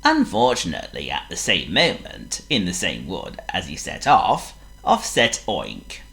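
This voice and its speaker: Very deep-voiced woman reading a storybook. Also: measured pace, vocal fry. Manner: playful, expressive reading aloud.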